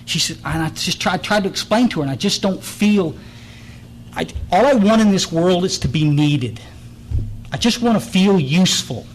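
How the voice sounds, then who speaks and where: A man's voice: sits high, lively intonation, moderate pace, a little hiss or hum, rough recording. A man, giving a blunt, direct recovery meeting talk full of stories and restarts, speaking in a meeting room.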